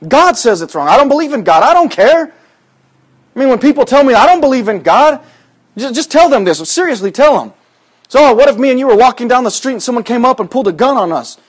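A high-pitched man delivers a sermon. He talks to the congregation casually with asides, then builds to loud, fervent exhortation. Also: expressive, fast talker. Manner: swings from soft and low to loud, high exhortation; conversational, folksy preaching with asides. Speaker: preacher.

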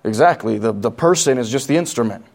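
A man's voice: medium pitch, animated, quick pace, darkish tone. A man preaching a conversational sermon, repeating key points and asking the congregation questions.

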